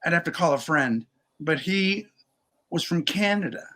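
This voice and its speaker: A man co-hosting a comedy podcast, telling relaxed stories in casual chat. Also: on the high side, normal speed. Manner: relaxed anecdotal storytelling. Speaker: podcast co-host.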